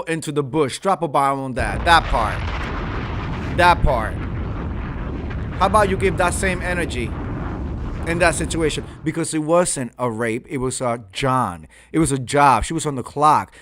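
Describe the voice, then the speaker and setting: A man's voice: on the high side, fairly bright tone, a little hiss or hum. A man hosting a reaction commentary, mocking and crude in his remarks. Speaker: commentary host.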